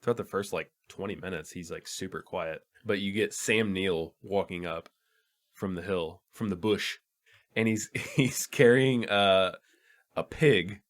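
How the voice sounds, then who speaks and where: A man's voice: low voice, unhurried. A young man co-hosting a casual film podcast, laid-back and rambling, swearing and laughing often. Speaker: podcast co-host.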